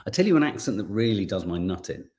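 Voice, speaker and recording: A man's voice: fairly low pitch, sing-song, fast talker, dark tone. A middle-aged man, co-hosting a casual live stream, chatting and reading viewer comments while thinking aloud with frequent restarts.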